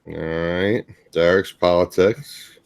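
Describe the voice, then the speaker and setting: A man's voice: low voice, fairly even intonation, slow pace, gravelly, smooth. A man co-hosting a casual group chat, brief and easygoing. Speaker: co-host.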